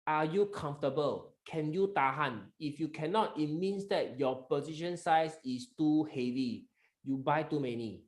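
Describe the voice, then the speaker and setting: A man's voice: fairly high pitch, moderate pace, echoey room. Emphatic Malaysian man coaching stock traders. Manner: emphatic, coaxing, mixes in local slang and Chinese. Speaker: stock market trainer. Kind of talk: live market webinar.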